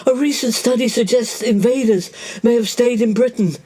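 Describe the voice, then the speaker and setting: A performer playing a jolly, gushing woman friend in a comedy pastiche, excitable and chatty. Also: medium pitch, moderate pace, natural voice.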